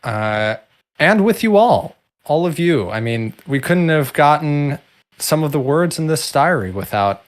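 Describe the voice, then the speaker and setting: A young man co-hosting a casual livestream, joking in a dry, deadpan way. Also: fairly high pitch, a little slow. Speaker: co-host.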